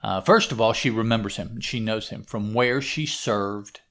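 A man's voice: on the low side, normal speed, fairly bright tone. A man reading a comic book aloud and commenting on it casually, hesitant, with frequent fillers and self-corrections.

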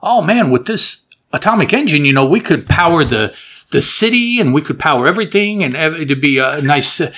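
Man doing a scheming mutant doctor: older, wheedling, lifted a little higher than his own voice, gliding up and down. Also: lively intonation, a little fast, a bit bright. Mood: dreamy. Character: scheming male mutant doctor, older, talks of a happy Eden.

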